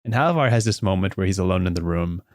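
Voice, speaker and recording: A man with a fairly low voice tells an improvised story as a podcast host. His delivery is animated and loose, with many restarts and fillers. The recording is dry and close. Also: fast talker, no room sound.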